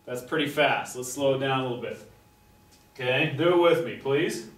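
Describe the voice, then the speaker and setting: A man's voice: mid-range voice, moderate pace, fairly bright tone. A man teaching a music class, patiently explaining and chanting rhythm syllables at a chalkboard. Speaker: music instructor. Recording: echoey classroom, distant mic, faint noise.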